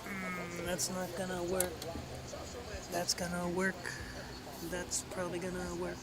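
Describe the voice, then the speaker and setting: A man hosting a casual livestream, rambling and swearing as he thinks out loud. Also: sits high, monotone, a little slow, a loud crowd. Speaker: livestream host. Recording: loud vehicle and game noise behind.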